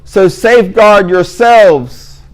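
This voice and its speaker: A man's voice: high voice, slow pace, rough recording. A middle-aged man giving a religious lecture, emphatic and given to sarcastic asides. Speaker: Muslim speaker giving a talk.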